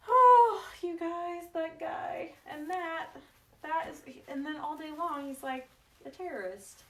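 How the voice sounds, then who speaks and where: A woman's voice: very high voice, slow pace, fairly bright tone. Chatty woman hosting a craft livestream. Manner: chatty and affectionate, laughing through stories. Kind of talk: casual craft livestream chat.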